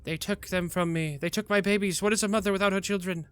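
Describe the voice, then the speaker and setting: A man's voice: high voice, steady tone, quick pace, clear, resonant tone, soft background music, voice pushed up, lightly acted. A man voicing an anguished old female dragon who laments her lost children in a wailing voice.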